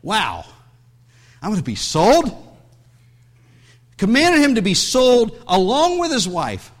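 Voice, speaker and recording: A man's voice: high-pitched, wildly swooping pitch, takes it slowly. A man preaching a sermon as pastor, reading scripture aloud and breaking into conversational asides, with many restarts.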